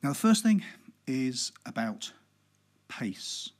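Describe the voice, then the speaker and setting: Speaking at medium pitch, a man hosts a public-speaking podcast in a husky, faintly breathy voice. His delivery is unhurried by design, relaxed and conversational, with filler words sprinkled in.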